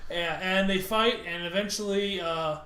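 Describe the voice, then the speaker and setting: A man with a noticeably high voice recaps a TV episode with his co-host, animated and cursing freely. He acts out lines of dialogue as he goes. The sound is roomy and echoey. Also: a little slow, a little hiss or hum. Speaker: podcast co-host. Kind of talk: casual profane recap chat.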